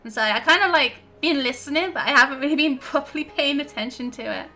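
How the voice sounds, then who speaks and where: A woman's voice: sits high, fast talker, bright, forceful tone, soft background music. A young woman streaming a game, chatty and giggly as she reacts to her chat. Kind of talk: casual gameplay chat.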